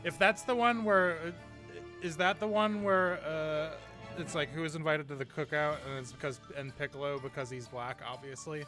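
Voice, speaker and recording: A man's voice: fairly high pitch, normal speed, music in the background. A man streaming a game, chatting in an easygoing, offhand way. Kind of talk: casual chat while playing a game.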